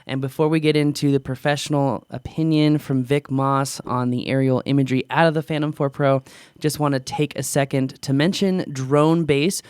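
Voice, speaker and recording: A man hosting a drone podcast, talking in quick, excited bursts in casual chat. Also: a little high, clean tone, dry recording, studio quality. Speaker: podcast host.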